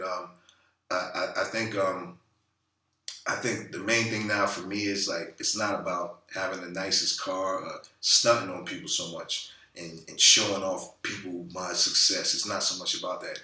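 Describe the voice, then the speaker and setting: A man's voice: sits low, pushed and bright, far from the mic. A man vlogging casually about money in a loose, profane, rambling way, full of fillers. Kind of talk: casual talking-head monologue. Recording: roomy echo, a bit off-mic.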